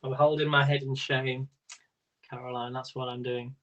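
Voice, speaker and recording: A man's voice: medium pitch, little pitch movement, normal speed, fairly bright tone, lo-fi sound. A man hosting a live-stream quiz in a casual, rambling way, laughing often as he talks. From Britain. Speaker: quiz host.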